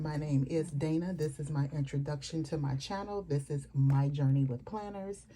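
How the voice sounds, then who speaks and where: A woman's voice: sits low, warm tone, slightly rough. A woman vlogger chatting casually at home, rambling with fillers and asides about her planners. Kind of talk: casual chat to camera.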